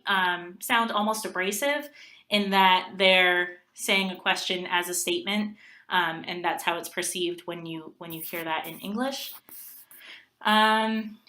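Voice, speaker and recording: A young woman presents to a class in a bright, clear-toned voice. She pauses often and fills the gaps with ums, speaking at a mid pitch as she works through her points. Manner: hesitant, many ums. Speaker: graduate student presenter.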